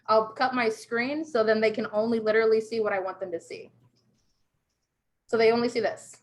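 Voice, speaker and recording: A woman's voice: on the high side, fairly even intonation, normal speed. A woman from the United States coaching salespeople on a video call, emphatic and peppered with "right?". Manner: emphatic, keeps asking "right?". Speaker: sales trainer.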